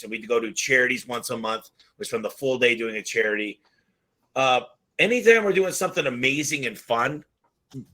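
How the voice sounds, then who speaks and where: A man talking casually and forcefully on a business roundtable over a video call, punching his points with bursts of emphasis. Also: mid-range voice, low-quality recording. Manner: animated, punchy, rising for emphasis. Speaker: home service business owner and podcast regular.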